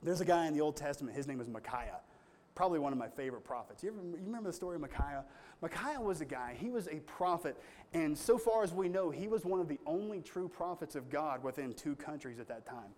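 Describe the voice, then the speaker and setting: Male pastor, sermon; conversational, earnest, slightly high-pitched. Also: lively intonation, fast, a little mellow. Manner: earnest, conversational storytelling with strong emphasis.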